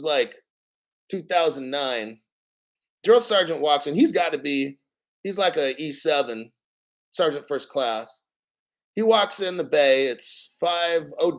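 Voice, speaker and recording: A man's voice: on the high side, fairly bright tone. Profane, rambling crypto host in his 50s. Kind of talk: casual livestream commentary.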